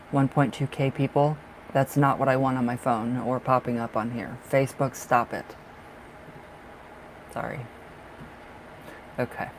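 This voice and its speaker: This man's voice sits at an ordinary medium pitch as he reads tarot cards live, effusively fussing over viewers' romances and addressing them as darling. It's a low-quality recording of casual stream chatter, with a faint hum of the room in the background.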